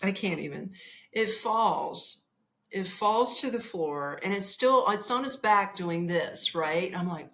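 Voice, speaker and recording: A woman hosting a podcast, telling a comic travel story in an animated, profane way and laughing as she goes. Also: mid-range voice, measured pace. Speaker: podcast host.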